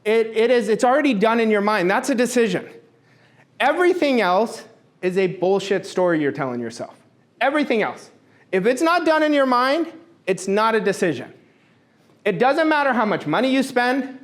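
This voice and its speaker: A man's voice: very high voice, big pitch swings, moderate pace. A middle-aged man giving a motivational talk to an audience, emphatic and blunt, repeating his points and swearing now and then. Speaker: motivational speaker.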